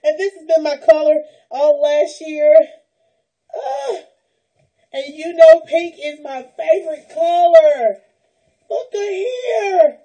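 A woman's voice: sits high, takes it slowly, mellow, rough recording. A woman, opening gifts on a vlog, gushing and squealing and close to tears, calling out praise to God. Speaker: vlogger opening a gift package. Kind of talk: unboxing vlog, emotional chat.

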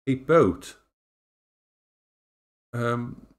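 A man's voice: mid-range voice, lively intonation, very slow. A middle-aged man in casual chat at home, rambling and playful, recorded on a tablet camera. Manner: rambling, playful, talks to his dogs in a cooing voice. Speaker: vlogger. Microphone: tablet as action cam.

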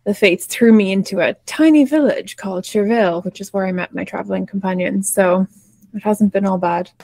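A woman playing a tabletop game, friendly and brisk. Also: medium pitch, vocal fry, a little mellow, no room sound. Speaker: player.

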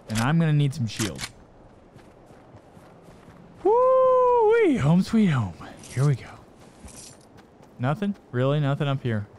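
This medium-pitched man hosts a gaming video with background noise audible. His commentary is excited, breaking into yelps and rapid repeated words when threatened, then turning to easy chatter with himself and viewers as he loots.

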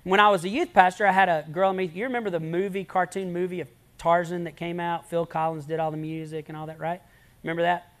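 Pastor preaching with loud-to-hushed swings. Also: male voice, high-pitched, steady tone. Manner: swings between loud emphasis and hushed near-whispers; storytelling, dramatic pauses. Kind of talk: sermon.

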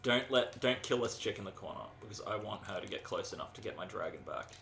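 Excitable, swearing young man gaming. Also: fairly low pitch, fast talker, gravelly. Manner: excitable, swears loudly, laughs often. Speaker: gameplay commentator. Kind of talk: casual gaming chat. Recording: roomy with faint noise.

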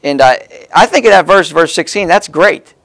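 A man's voice: fairly high pitch, animated, normal speed, creaky, a bit bright. A man preaching a sermon in a folksy, conversational way, stressing key words as he explains the text.

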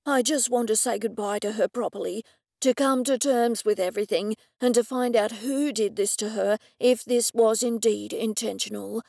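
A woman voicing a grieving male businessman, speaking slowly and heavily with aggrieved frustration. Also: fairly high pitch, fairly even intonation, vocal fry, darkish tone, dry recording, clean studio sound. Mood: grieving, frustrated. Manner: slow, heavy, aggrieved pleading.

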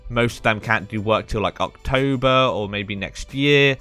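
A young man chatting casually as he comments on his game loot. He talks excitably and fills his speech with ums and "man.". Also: mid-range voice, unhurried, soft background music. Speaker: gaming video creator.

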